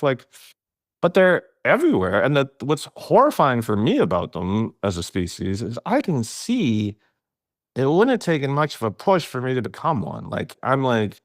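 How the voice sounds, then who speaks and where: A man's voice: mid-range voice, normal speed, no echo, studio quality. A middle-aged man telling stories in casual conversation, laughing often and jumping his voice up for emphasis. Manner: animated storyteller, laughs often, voice jumps up for emphasis.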